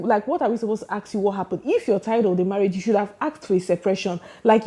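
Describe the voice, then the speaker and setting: A woman's voice: mid-range voice, dark tone. A woman ranting emphatically about celebrity gossip, firing off rhetorical questions. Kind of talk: casual opinion rant.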